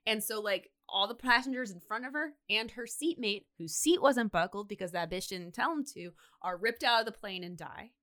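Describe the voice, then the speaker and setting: Woman podcaster, bright tone, chatty animated storyteller. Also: mid-range voice, moderate pace, hardly any pauses. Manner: animated storyteller acting out quotes, lots of "like". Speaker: podcast co-host. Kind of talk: casual comedic retelling.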